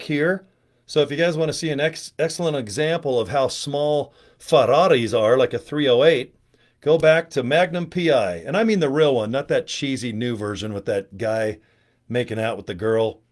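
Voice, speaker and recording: Casting note: man, casual rambling livestream host, jokey and digressive, mid-pitched everyday voice. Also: normal speed. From United States. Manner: chatty, digressive, joking. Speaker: network marketing trainer. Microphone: webcam or phone on a live stream.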